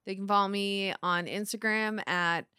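A woman's voice: medium pitch, steady tone, normal speed, bright, forceful tone, clean tone, no room sound, studio quality. A woman co-hosting a casual comedy podcast, playful and teasing. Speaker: podcast co-host.

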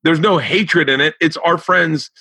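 A man's voice: on the high side, a little slow, pushed and bright, husky, dry recording. A man hosting a podcast in casual chat, cursing freely and stumbling over restarts. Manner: profane, stammering restarts. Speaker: podcast host.

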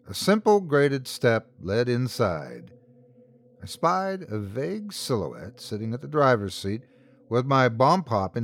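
A man hosting and narrating a scripted horror story in a measured, dramatic first-person telling. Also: medium pitch. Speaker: host and narrator.

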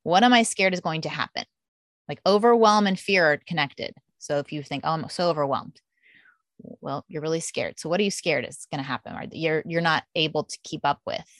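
A woman's voice: sits low, brisk, no echo, clean studio sound. A woman in her thirties, a mother and guest, chatting animatedly and voicing her own past thoughts in quotes. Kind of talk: podcast conversation.

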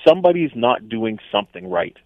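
A man's voice: medium pitch, very animated, a little fast, no room sound. A male sportscaster calling in to a radio show, speaking emphatically and sounding exasperated. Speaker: sportscaster guest. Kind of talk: phone-in radio chat. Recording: tinny phone line.

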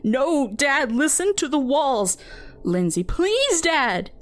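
A woman voicing a shrill, sobbing teenage girl. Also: lively intonation, moderate pace. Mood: panicked, pleading. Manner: pleading, shrill and tearful.

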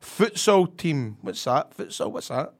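A man's voice: a little high, sing-song, a little slow. A Scottish man co-hosting a football podcast, telling stories in a laid-back, chatty way with dialect words. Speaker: co-host. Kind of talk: casual podcast chat.

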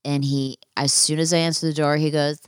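A young woman hosts a solo podcast with a low, smooth voice, chatting frankly and casually with plenty of swearing and fillers. The sound is dry and close. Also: little pitch movement, a little fast, no echo. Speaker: podcast host. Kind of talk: casual storytelling monologue.

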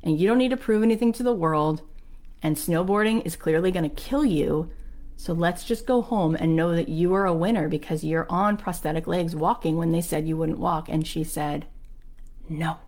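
Woman podcast host, low-pitched, fervent motivational storyteller. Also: moderate pace, darkish tone. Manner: passionate storytelling with acted-out quotes; emphatic. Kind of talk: motivational monologue.

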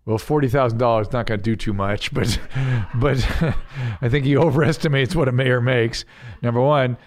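A man's voice: mid-range voice, normal speed. A man hosting a podcast, commenting casually on viral videos with amused, laughing reactions. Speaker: podcast host.

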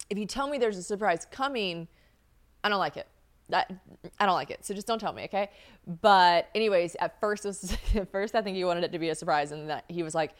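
A woman's voice: fairly low pitch, expressive, quick pace. A young woman from the United States hosting a podcast, talking casually, swearing and laughing as she acts out what people said. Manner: chatty, swearing, laughs often, acts out quoted voices. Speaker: podcast host. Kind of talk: casual chat.

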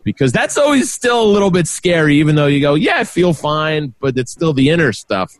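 A man, co-hosting a podcast and telling a long story in a lively way, acting out what everyone said. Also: fairly high pitch, fairly quick. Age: 40s. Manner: animated storyteller, acts out quotes. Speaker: podcast co-host. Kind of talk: casual storytelling chat.

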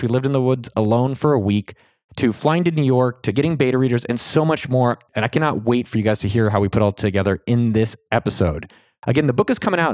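A man hosting a podcast, talking in an upbeat, excitable, salesy way, then chatting casually with his guest. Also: dry recording, studio quality. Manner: upbeat, salesy, excitable delivery with sudden pitch jumps. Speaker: podcast host. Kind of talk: energetic podcast intro and casual interview.

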